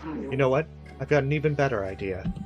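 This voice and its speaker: A man's voice: medium pitch, expressive, brisk, lo-fi sound, natural voice. Brief: a man playing an anxious, devoted father with a pleading tone, with game music behind. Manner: pleading, worried. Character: anxious loving father, middle-aged man.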